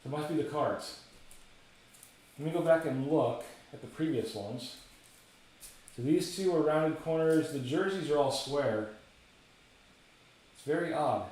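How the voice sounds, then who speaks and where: A man's voice: a little high, expressive, a little slow, pauses often, darkish tone, reverberant. A man hosting a live card break, casually calling out cards and chatting with viewers. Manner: casual, chatty, rattles off names.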